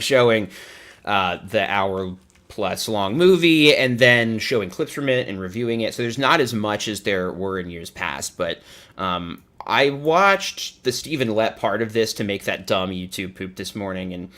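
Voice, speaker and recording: Sarcastic male commentary host, lower voice, casual and joking, laughing often. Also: fairly bright tone.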